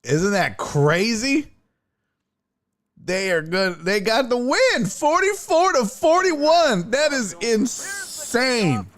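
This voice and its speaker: A man's voice: very high-pitched, very animated, slow, fairly bright tone. A man hosting a sports talk stream, swearing and laughing as he reacts to game clips. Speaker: sports show host.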